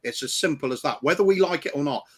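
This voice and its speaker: A man on a video call calmly giving his view in a football fan debate. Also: fairly high pitch, husky. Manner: measured, matter-of-fact. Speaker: guest pundit.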